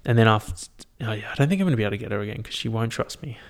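A young vlogger rambles on his own about his year in a casual review, swearing often and laughing at his own stories. His fairly low voice is expressive and very fast, recorded on a headphone mic.

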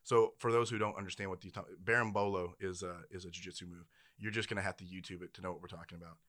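Man, podcast co-host, casual chat, low pitch, bright tone. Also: steady tone, quick pace. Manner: joking, reads out comments.

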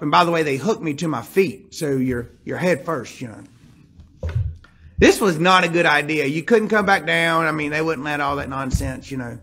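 A man with a notably high voice delivers a sermon, telling a personal story before turning to scripture. He drops into hushed tones and then climbs back up with emphatic, rising delivery. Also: moderate pace, breathy edge. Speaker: preacher.

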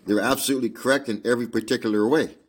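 A man's voice: medium pitch, steady tone, rapid-fire, breathy edge, voice pushed up, lightly acted. A man reading aloud as a loyal, indignant Victorian male doctor who protests earnestly.

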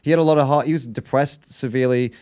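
A young man hosting a casual podcast debate, animated and swearing freely. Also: mid-range voice, racing. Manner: animated, swearing, mocking voices when quoting people. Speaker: podcast host.

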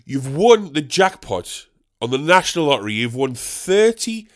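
A man voicing a polite official calling to announce a lottery win, in a brisk, formal phone manner. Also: a little high, big pitch swings, a bit bright.

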